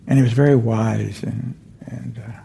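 Gravelly, gentle meditation teacher, a man. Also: mid-range voice, fairly even intonation, moderate pace, a little hiss or hum. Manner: gentle, meandering, self-correcting. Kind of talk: dharma talk with a story. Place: meditation center hall.

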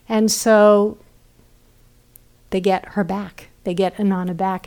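A woman meditation teacher giving a gentle dharma talk, often checking in with listeners and trailing off softly. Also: medium pitch, little pitch movement, a little slow. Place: retreat center.

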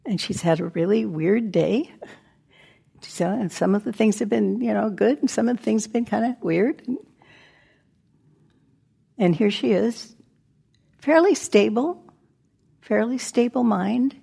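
A woman teaching meditation in a relaxed, conversational way. Her voice is husky with a gravelly edge, and now and then it sinks to a near-whisper. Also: medium pitch, a little slow, pauses often. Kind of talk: dharma talk. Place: meditation center talk.

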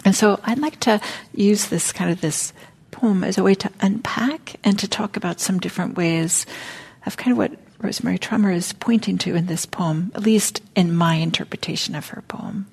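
A woman meditation teacher giving a dharma talk at a meditation center, speaking softly and haltingly, often near a whisper. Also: medium pitch, creaky, husky.

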